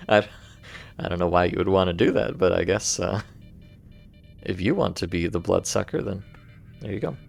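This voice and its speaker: A man's voice: low-pitched, moderate pace, gravelly, long pauses, soft background music. An American man streaming a video game, commenting with dry, sarcastic asides and reading in-game text aloud.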